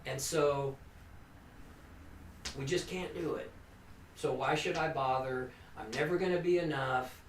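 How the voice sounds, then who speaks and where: A man's voice: medium pitch, fairly even intonation, a little slow, long pauses. A man, a recovery counselor, giving an informal, earnest talk to a family group, with restarts and frequent "you know". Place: meeting room. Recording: echoey room, distant mic, faint hum.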